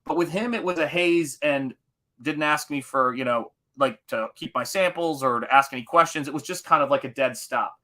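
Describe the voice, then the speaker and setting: A man hosting a live painting stream, chatting in a rambling, animated way as he reads viewer comments and recalls his teaching days. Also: on the high side, normal speed. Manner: rambling, animated, quotes movies in put-on voices. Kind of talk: casual chat reading viewer comments.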